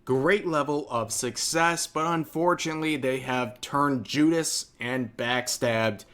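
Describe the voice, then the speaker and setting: A man online creator ranting casually in a groggy morning voice, brisk and indignant. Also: medium pitch, a bit bright. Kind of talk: casual video rant.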